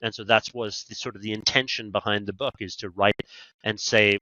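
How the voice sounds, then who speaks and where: Bright-toned Canadian man, animated storyteller. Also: fairly low pitch, a little fast, dry recording, muffled recording. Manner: animated storytelling with quoted asides. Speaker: podcast guest, negotiation trainer. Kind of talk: conversational interview.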